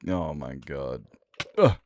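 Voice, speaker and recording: A man's voice: very deep voice, very animated, slow, a little mellow, a little hiss or hum. A man chatting casually and swearing while he streams a game, breaking into laughter as he tells stories. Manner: sweary, storytelling, laughs often. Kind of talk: casual gaming stream chat.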